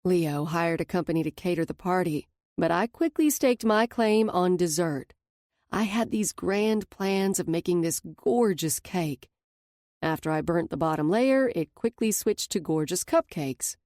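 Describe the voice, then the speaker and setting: A woman's voice: on the low side, lively intonation, unhurried, a little mellow, dry recording, studio quality. A woman narrating a first-person romance audiobook in a wry, lightly sarcastic manner.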